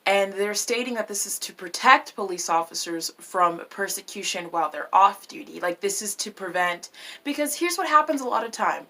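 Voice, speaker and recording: A woman vlogging in a casual, animated way, swearing freely and tossing in French words. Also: mid-range voice, normal speed. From United States. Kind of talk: casual opinion vlog.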